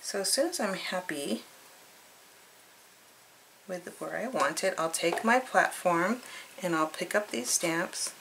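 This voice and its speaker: Bright-voiced woman demonstrating a craft. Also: fairly low pitch, animated, slow, gravelly, long pauses, a little hiss or hum, low-quality recording. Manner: chatty, cheerful, thinks aloud while working. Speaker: craft tutorial host.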